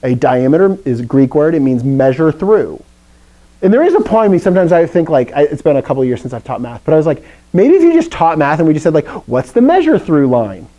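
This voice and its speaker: A man's voice: on the high side, sing-song, quick pace, warm tone, rough recording. A man from the American South teaching a Greek class, chatty and playful, with lots of asides. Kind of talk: classroom lecture.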